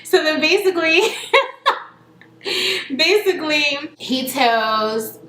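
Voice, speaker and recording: A woman's voice: sits high, expressive, takes it slowly, pushed and bright, reverberant, rough recording. A woman recapping a reality TV episode in a chatty, slangy storytelling way, acting out what people said. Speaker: TV reality show reviewer.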